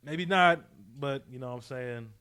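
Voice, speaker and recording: A man co-hosting a podcast, chatting about wrestling in relaxed slang, often asking "you know what I'm saying?". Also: mid-range voice, normal speed, smooth. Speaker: podcast co-host. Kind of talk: casual wrestling predictions chat.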